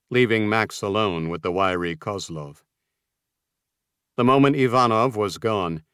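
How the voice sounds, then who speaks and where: A man narrating a thriller audiobook in a measured, tense delivery. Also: fairly low pitch, fairly bright tone, smooth, dry recording, clean studio sound.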